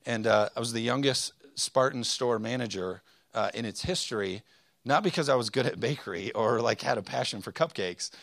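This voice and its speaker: A man's voice: medium pitch, normal speed, creaky, a bit bright, no room sound, clean studio sound. A man in his thirties preaching a sermon, telling a personal story with plenty of fillers and self-deprecating asides. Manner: rambling, self-deprecating, frequent fillers and restarts. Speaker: pastor.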